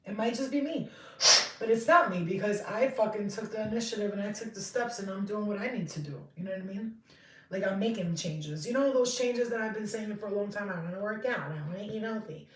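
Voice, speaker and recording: A woman's voice: mid-range voice, a little fast, far from the mic. Chatty woman tarot reader, roomy and off-mic. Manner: chatty, swearing, excitable and rambling. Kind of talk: casual tarot reading monologue.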